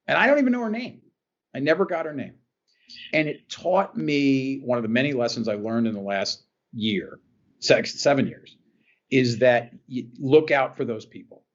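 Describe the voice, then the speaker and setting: A man's voice: medium pitch, highs cut off. A man from New Jersey, a guest on a podcast, telling a personal story in an earnest way and often repeating phrases as he goes. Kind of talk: emotional personal storytelling in an interview.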